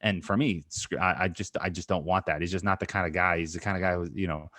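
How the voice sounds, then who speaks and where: A man's voice: deep voice, fairly even intonation, fast, bright, forceful tone, dry recording. A man co-hosting a podcast in casual sports chat, rambling with frequent laughs and restarts. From New York area. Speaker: podcast co-host.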